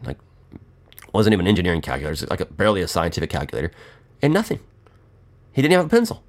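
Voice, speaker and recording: A middle-aged man telling rambling, profane and joking stories in a casual monologue. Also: sits low.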